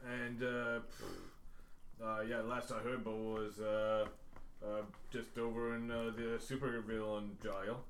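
A man plays in an improvised tabletop game and rambles through halting sentences. His voice sits in an echoey room. Faint noise runs behind it. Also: mid-range voice, level tone. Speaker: player. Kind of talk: improvised tabletop role-play.

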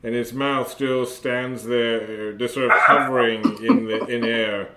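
A man runs a tabletop game as game master, narrating slowly in a halting way with many fillers. His pitch is middling. The room around him is echoey. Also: fairly even intonation. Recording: roomy echo, faint noise.

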